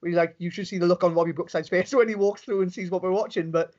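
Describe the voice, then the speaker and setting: A man's voice: high voice, fairly even intonation, darkish tone. A young Welsh man being interviewed, telling stories eagerly and restarting his sentences often. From Wales. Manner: fast, enthusiastic storytelling with many restarts. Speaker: interview guest, pro wrestler. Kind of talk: casual interview chat. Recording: dull lo-fi recording.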